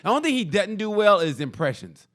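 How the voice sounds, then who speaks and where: A man co-hosts a loose comedy podcast with a lively, swooping voice that sits a little high. He tells stories full of profanity and acts out each quote. He restarts his sentences often. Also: fast talker. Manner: animated storytelling with acted-out quotes. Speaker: podcast co-host. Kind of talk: casual comedy podcast chat.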